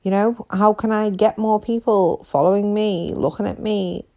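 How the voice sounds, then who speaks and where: A woman's voice: mid-range voice, fairly even intonation, moderate pace, dark tone, lightly acted. A woman mimicking a smug jailed man. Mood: mocking. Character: smug gloating man in prison cell.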